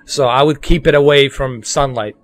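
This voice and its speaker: A man's voice: mid-range voice, normal speed, soft background music. A man with a New York accent giving casual live commentary on a game to his viewers. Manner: casual, chatty, addresses viewers. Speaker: streamer.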